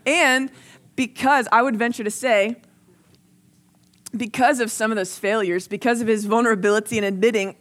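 A woman's voice: fairly high pitch, steady tone, normal speed, a bit bright. A young adult woman preaching a sermon in a casual, earnest way, sometimes acting out the people she quotes. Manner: conversational and earnest, acts out quoted voices.

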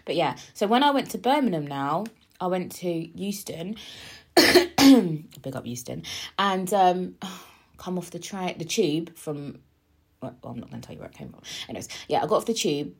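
A woman talks straight to her viewers, rambling through a story with lots of asides and fillers. Her voice is a little husky and sits on the low side. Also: very animated, normal speed, a little mellow. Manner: chatty, rambling, full of asides and filler words. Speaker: vlogger.

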